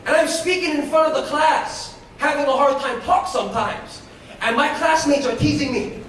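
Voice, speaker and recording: Motivational speaker, a man with a very high voice, preaching fervently and shouting at times, recorded from afar in an echoey school hall. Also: normal speed, distant mic. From United States. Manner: fervent, leads call-and-response, breaks into shouts. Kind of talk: preaching inspirational talk. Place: school hall before a live audience.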